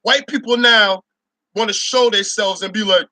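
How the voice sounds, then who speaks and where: High-voiced guy ranting on his own show, cussing and laughing, bright sharp tone, dry close sound. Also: normal speed, no room sound. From Barbados. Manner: loud, profane, laughing, mocks others in shouted voices. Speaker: show host. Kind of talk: ranting opinion monologue.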